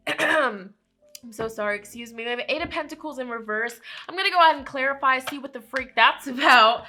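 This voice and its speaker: A woman's voice: high voice, expressive, bright, forceful tone. A woman giving a casual weekly tarot forecast, chatty and playful, often checking in with listeners. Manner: playful slang and quick laughs. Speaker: tarot reader.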